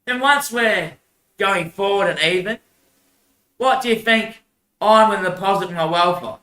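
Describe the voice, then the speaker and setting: A man's voice: high-pitched, unhurried, bright, forceful tone, reverberant. A man in a rambling monologue, repeating himself, swearing and laughing often.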